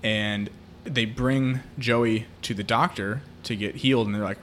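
A man's voice: fairly low pitch, fairly even intonation, unhurried, few pauses, fairly bright tone, a little hiss or hum. A man co-hosting a podcast, retelling a film plot in casual chat, with many fillers. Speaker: podcast co-host.

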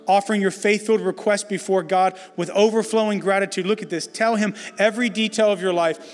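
A high-pitched middle-aged male pastor preaching with emphatic, conversational energy. His voice rings out through a large church hall with a long reverb. Soft music plays faintly underneath. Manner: emphatic, conversational preaching with self-deprecating jokes. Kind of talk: sermon.

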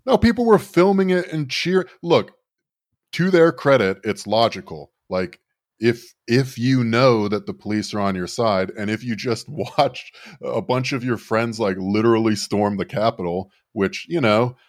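A man's voice: medium pitch, lively intonation, a little slow, no room sound, clean studio sound. A man co-hosting a leftist podcast, chatting casually in a sardonic, rambling way with frequent restarts. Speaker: podcast co-host. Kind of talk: casual political podcast banter.

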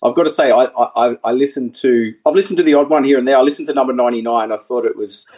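Husky-voiced man on a video call. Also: mid-range voice, fast talker, a little mellow. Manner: easygoing, chatty, laughs often, many restarts. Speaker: guest, former motorcycle racer. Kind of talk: casual podcast chat.

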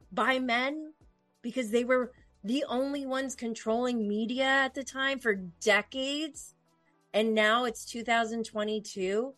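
Young woman podcaster, unhurried casual delivery, gets emotional, dry booth sound. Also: a little high, no echo. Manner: excitable, emotional, rambling with fillers. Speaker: podcast host. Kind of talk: casual solo podcast chat. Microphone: podcast microphone.

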